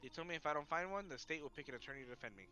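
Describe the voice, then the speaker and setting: A man's voice: a little high, animated, racing, pushed and bright, reverberant, soft background music. A man casually reading game dialogue aloud alongside a friend.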